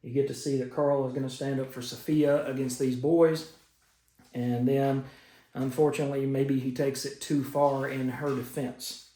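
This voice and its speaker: A man's voice: mid-range voice, level tone, normal speed, dark tone. A man giving a casual, enthusiastic comic book review, recapping stories with fillers. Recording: roomy echo.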